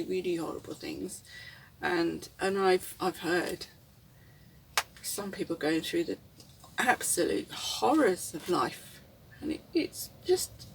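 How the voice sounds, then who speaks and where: A woman's voice: mid-range voice, recorded from a distance, a little hiss or hum. A woman, rambling reflectively and candidly in a casual vlog, often chuckling. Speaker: vlogger. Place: inside a camper van.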